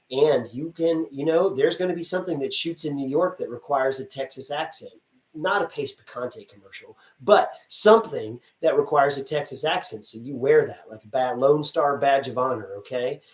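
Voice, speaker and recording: A man who works as a casting director is answering audience questions in a chatty, energetic way, acting out little scenes as he talks. His voice sits at an ordinary pitch, and it sounds roomy and distant, as if the mic is some way off. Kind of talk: live-stream Q&A answers.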